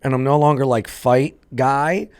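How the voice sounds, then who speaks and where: A man who is a comedian, guesting on a podcast and telling a rambling anecdote in casual chat, swearing freely and getting animated. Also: medium pitch, a little slow, clean tone.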